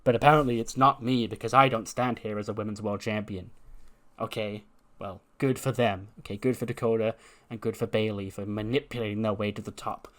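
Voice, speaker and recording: A man's voice: fairly low pitch, fairly even intonation, a little fast, fairly bright tone, lightly acted. A man doing a spiteful female wrestler. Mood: defiant. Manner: bitter, defiant promo delivery. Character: defiant female wrestler cutting a spiteful promo.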